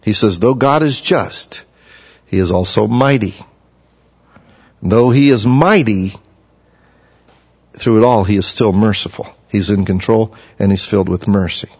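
A man preaching a sermon in an earnest manner, his pitch climbing when he speaks for the figures he quotes. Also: a little slow, pauses often, a little mellow, husky. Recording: muffled sound in a reverberant hall.

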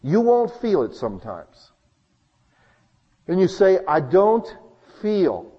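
A man preaching a sermon as pastor, talking conversationally and swinging between loud emphasis and hushed asides. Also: high voice, very animated, takes it slowly, big-room sound, dull audio.

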